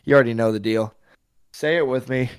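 A man co-hosting a podcast, giving a brash, mocking, animated sports countdown rant. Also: medium pitch, brisk, clear, resonant tone, no room sound, clean studio sound. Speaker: podcast co-host.

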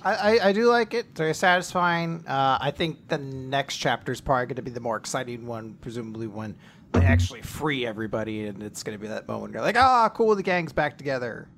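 A man's voice: medium pitch, quick pace, a bit bright. A man recapping manga chapters in casual podcast chat, retelling scenes animatedly and acting out the characters' lines. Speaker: podcast co-host.

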